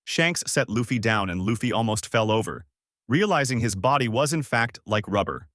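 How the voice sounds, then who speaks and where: A man's voice: fairly low pitch, normal speed, dry recording, clean studio sound. A man reading a fan-made story aloud, then signing off casually to viewers. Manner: animated storytelling, casual sign-off. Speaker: channel host and narrator.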